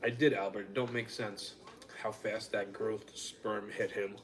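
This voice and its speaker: A man's voice: fairly low pitch, level tone, unhurried, fairly bright tone, a little hiss or hum. A man hosting a casual live-stream chat, telling stories bluntly and wryly and swearing freely. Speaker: host.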